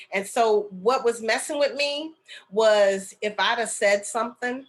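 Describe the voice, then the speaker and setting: A woman's voice: a little high, unhurried. A middle-aged woman telling a personal story in a casual, chatty way, full of fillers and asides like "okay?" and "right?". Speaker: spiritual medium and healer sharing a story.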